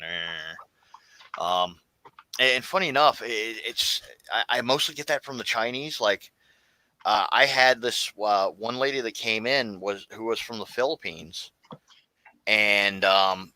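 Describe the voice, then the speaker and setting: A man from Florida talks loosely as a guest, circling back with fillers and restarts. His voice sits low but sounds bright and forceful. The sound is close and dry. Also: slow, clean tone, dry recording, rough recording. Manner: rambling, many fillers and restarts. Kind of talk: casual livestream chat.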